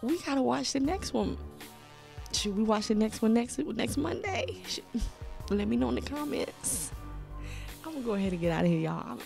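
A young woman, a movie reaction host who chats excitedly and keeps calling her viewers y'all. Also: mid-range voice, creaky. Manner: exclamatory, addresses viewers as y'all. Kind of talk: excited casual reaction chat. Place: home room.

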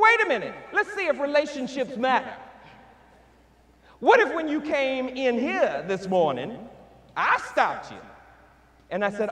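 A man giving a motivational keynote speech, calling out to the crowd and swinging between shouts and hushed tones. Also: very high-pitched, sing-song, a little slow, long pauses. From Houston, Texas. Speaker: keynote speaker. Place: large hall. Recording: echoey hall with long reverb.

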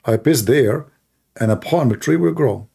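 A man voicing a smug male dog talking to himself, in a gravelly, husky voice. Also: medium pitch, animated, measured pace, warm tone, heavily acted.

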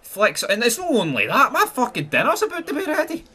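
A man with a Scottish accent giving live, foul-mouthed gameplay commentary, swinging between excited yelling and glum muttering. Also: extremely high pitch, a little fast, husky. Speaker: gaming channel host.

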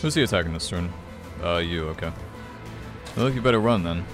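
A man's voice: low voice, animated, a little fast, music in the background. A man giving frustrated, swearing commentary while playing a video game. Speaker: gaming channel host. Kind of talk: let's play commentary.

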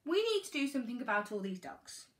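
A woman's voice: a little high, very animated, fast. A teacher voicing a fed-up young girl in a storybook reading, pleading and sometimes whispering.

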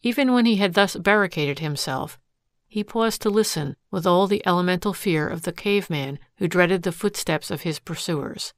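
A woman narrating an audiobook in a measured, steady storytelling manner. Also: lowish voice, no echo, studio quality. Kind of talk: scripted narration.

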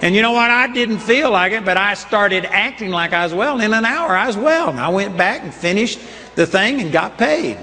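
Older male preacher, high and echoing. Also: lively intonation, normal speed, bright, forceful tone. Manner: earnest, emphatic storytelling. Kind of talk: sermon with personal stories. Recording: long hall reverb.

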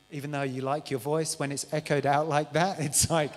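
A man preaching a lively testimony sermon to a church congregation. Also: a little high, moderate pace. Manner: lively storytelling, animated quoted voices. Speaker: visiting preacher. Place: church auditorium. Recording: live church sound with long reverb.

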